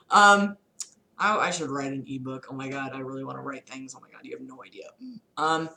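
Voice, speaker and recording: A woman streamer chatting in excitable, giggly asides while reading fan fiction on a live stream. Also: rumbling low, moderate pace, vocal fry, crowd noise.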